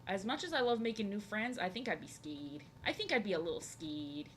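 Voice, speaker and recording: A woman's voice: mid-range voice, expressive, a little fast, slight background noise. A woman chatting casually with her live stream viewers while she draws, rambling and filling her talk with "like". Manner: rambling, filler-heavy, talks to chat. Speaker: art streamer.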